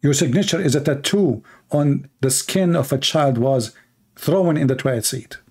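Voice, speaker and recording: A man's voice: mid-range voice, moderate pace, darkish tone, husky. Fiery Arabic-accented male preacher. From Middle East. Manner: emphatic, repetitive exhortation with short punchy lines. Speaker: Christian preacher. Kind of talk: fiery political sermon.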